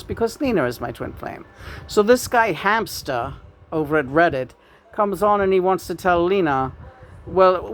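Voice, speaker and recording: A woman speaking as the channeled spirit of a famous male rock star, ranting profanely and mockingly with sudden loud outbursts. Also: low voice, a little hiss or hum, lightly acted.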